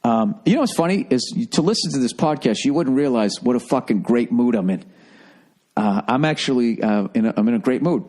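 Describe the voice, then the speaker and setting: Pitched a little high, this middle-aged man is a comic who hosts a podcast and goes off on a meandering, foul-mouthed rant. He's sarcastic throughout and ridicules others by doing exaggerated voices.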